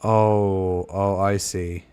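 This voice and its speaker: A man's voice: deep voice, little pitch movement, extremely slow, background noise. A man streaming, giving casual commentary on videos as he watches them, exclaiming and laughing at what he sees. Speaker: streamer reacting to clips.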